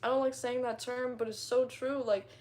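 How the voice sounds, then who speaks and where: A woman's voice: on the high side, steady tone, moderate pace, a little mellow. A young woman chatting casually with her followers, rambling in slang, laughing often and retelling stories dramatically. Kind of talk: casual chat.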